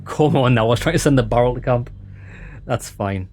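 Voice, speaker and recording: A man giving excited, chatty commentary on a game he is playing, talking to viewers as lads. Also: medium pitch, brisk, faint music behind. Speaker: let's play host. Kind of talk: casual gameplay commentary.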